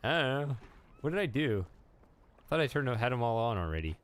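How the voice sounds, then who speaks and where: A man's voice: medium pitch, sing-song, brisk, clear, resonant tone. A man live-streaming a video game, musing aloud in a casual, rambling way.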